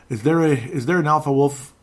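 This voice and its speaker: A man hosting a solo sports podcast, ranting in exasperation about a basketball game, sarcastic and laughing at himself now and then. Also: a little high.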